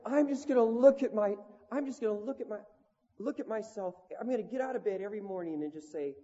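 A man's voice: sits high, fast, dark tone. A man doing a gushing, swooning talk-show hostess. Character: gushing, tearful female talk-show host. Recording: lo-fi recording in a long-echo hall.

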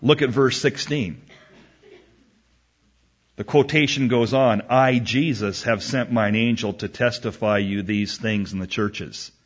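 A man preaching a sermon, reading scripture slowly with emphasis and acting out a back-and-forth exchange. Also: on the low side. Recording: dull lo-fi recording.

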